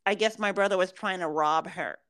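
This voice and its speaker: A woman's voice: lowish voice, fairly quick, fairly bright tone. A middle-aged woman co-hosting a podcast, telling stories in blunt, profane casual chat. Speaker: podcast co-host.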